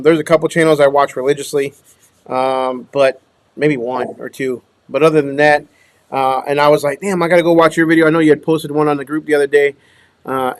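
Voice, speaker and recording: A man's voice: a little high, no echo. A man from Minnesota who runs a dumpster rental business, chatting casually on a livestream, greeting viewers by name and trailing off into mumbles. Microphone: small clip-on microphone.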